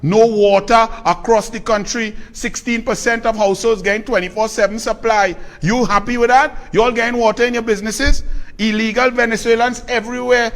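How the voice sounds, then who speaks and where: A man's voice: extremely high pitch, steady tone, fairly quick, fairly bright tone. A man with a Trinidadian accent delivering a scornful, combative political commentary rant.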